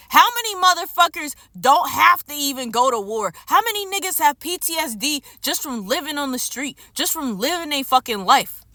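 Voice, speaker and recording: A woman's voice: sits high, sharp tone, dry recording. A woman delivering an unscripted, furious rant to camera as a vlogger. She swears heavily and hammers home her points by repeating phrases. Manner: furious, profane and emphatic. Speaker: streamer and vlogger.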